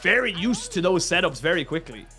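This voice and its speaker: Guy casting esports live, kinda high bright voice, chatty and joking, faint music behind. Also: sing-song, a little fast. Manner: chatty and joking, thanks viewers warmly. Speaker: esports caster. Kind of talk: casual live esports commentary.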